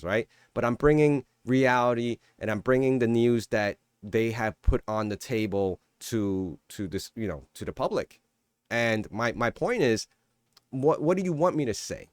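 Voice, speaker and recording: Animated rambling man on a crypto vlog. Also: medium pitch, no echo, clean studio sound. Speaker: crypto YouTuber. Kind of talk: casual vlog commentary. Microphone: shotgun mic.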